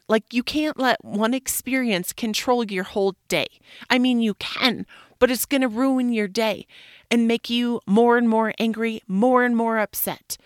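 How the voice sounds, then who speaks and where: Frank, animated woman podcaster, dry close mic. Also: a little high, no room sound. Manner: frank and animated, swears casually, leans on "like" fillers. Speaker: podcast host. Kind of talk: candid personal monologue.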